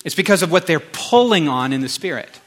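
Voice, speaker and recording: A male pastor giving a conversational sermon, animated, with chatty asides to the congregation. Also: fairly high pitch, fairly quick.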